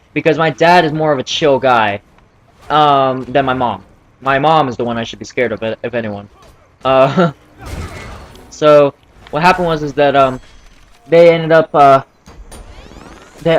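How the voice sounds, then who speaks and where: Rambling teenage boy telling a story. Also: on the high side. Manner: rambling, full of fillers and restarts. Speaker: vlogger. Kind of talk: casual storytelling.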